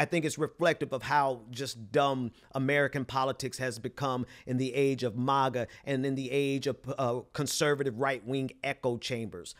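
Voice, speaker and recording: A man from Mississippi with a softened Southern accent, hosting political commentary in an emphatic, scornful way with frequent restarts. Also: mid-range voice.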